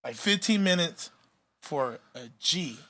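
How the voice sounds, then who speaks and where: Chill guy talking on a podcast, kinda high voice, swears a lot, says stuff twice. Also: lively intonation, takes it slowly, bright, forceful tone. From California. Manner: laid-back, swearing, emphatic repetition. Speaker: rapper guest. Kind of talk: casual podcast chat.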